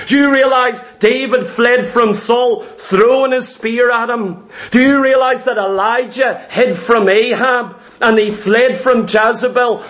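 A man's voice: very high-pitched, a bit bright. A man preaching a sermon to his congregation, emphatic and repetitive, asking many rhetorical questions.

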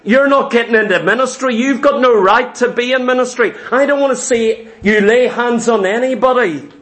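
A man's voice: extremely high pitch, moderate pace, fairly bright tone. A man preaching a sermon, emphatic and fervent, retelling scripture with vivid asides.

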